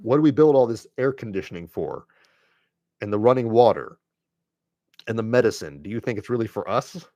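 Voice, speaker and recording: Low-voiced man preaching to his viewers. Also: darkish tone, no echo. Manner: earnest and preachy, repeats phrases for emphasis; addresses listeners directly and bluntly. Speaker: live stream host. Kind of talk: impassioned monologue to viewers.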